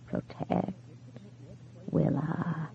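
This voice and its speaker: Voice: medium pitch, gravelly, breathy edge, heavily acted. A reader whispering as a ghostly husband on the phone. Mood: eerie whisper. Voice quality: whispery, vibrating. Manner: faint, slow, fading. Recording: tinny phone-like sound.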